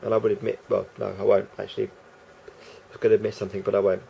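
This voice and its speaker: A man's voice: on the low side, little pitch movement, fast, gravelly, dark tone, slight background noise. A man rambling through a casual vlog monologue, hesitant and full of restarts and fillers. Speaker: vlogger.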